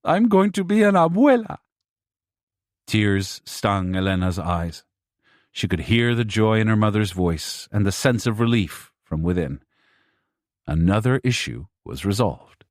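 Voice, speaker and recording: Low-voiced male audiobook narrator, dry. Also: a little slow, dry recording. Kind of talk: scripted narration.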